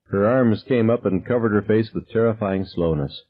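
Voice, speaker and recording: A man reading a novel aloud as narrator, calm and measured, dropping low on dialogue tags. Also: narrow, tinny audio. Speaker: audiobook narrator. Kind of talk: scripted narration.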